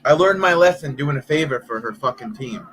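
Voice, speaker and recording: A man in his thirties, chatting casually on a live stream, telling a story with lots of swearing and quick impressions of other people. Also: mid-range voice, a little hiss or hum, poor audio. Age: 30s. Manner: profane, animated storytelling, mimics others.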